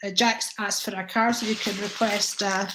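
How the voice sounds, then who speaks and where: A woman's voice: mid-range voice, level tone, moderate pace, background noise. Chatty woman reading cards live. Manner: chatty, greets viewers by name, calls them darling. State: coughing, tickle in throat. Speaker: psychic reader and livestream host. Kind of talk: live-stream card reading.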